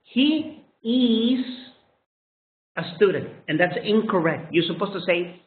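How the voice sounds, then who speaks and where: A man's voice: sits high, expressive, takes it slowly. A man whose first language is Spanish, teaching English pronunciation and repeating each sound again and again. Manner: drills single sounds, repeating each one several times. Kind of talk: pronunciation lesson. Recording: tinny phone-like sound in an echoey room.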